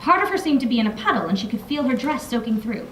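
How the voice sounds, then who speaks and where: A woman's voice: on the high side, very animated, fast, pushed and bright, a little hiss or hum. Young woman author reading in an echoey room. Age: young adult. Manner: casual asides with fillers between readings. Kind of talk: reading aloud from her novel. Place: library room. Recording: echoey room, mic from far off.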